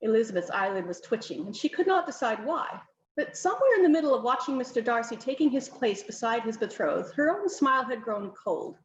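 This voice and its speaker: A woman's voice: a little high, big pitch swings, brisk, roomy sound, lo-fi sound. A woman author reading her own novel aloud in an informal, non-professional way. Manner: informal, self-correcting reading.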